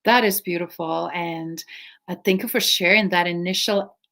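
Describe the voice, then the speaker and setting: A woman interview host who asks earnest, slightly halting questions. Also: lowish voice, steady tone, creaky, a bit bright.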